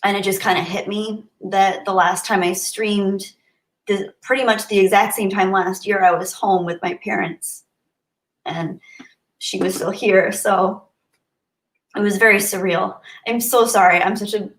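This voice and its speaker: A woman's voice: mid-range voice, steady tone, unhurried, reverberant. A young woman live-streaming, reading viewer comments aloud and thanking them, sometimes getting emotional. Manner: warm, grateful, softly emotional.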